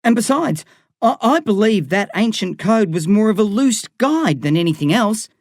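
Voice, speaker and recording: A frightened schoolboy stammers and begs, his voice climbing high and strained, as a male reader puts him on. The recording is close and dry, with no room around it. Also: expressive, normal speed, darkish tone, no echo. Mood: panicked pleading. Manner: stammering, pleading, voice rising in panic. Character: frightened schoolboy narrator's younger self, pleading.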